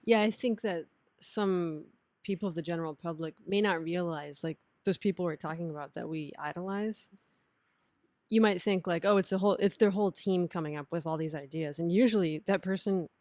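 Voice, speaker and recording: A woman's voice: on the low side, normal speed, darkish tone, dry recording. A woman hosting a podcast interview, chatting casually and backing her guest with short agreements. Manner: supportive, frequent short agreements. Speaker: podcast host.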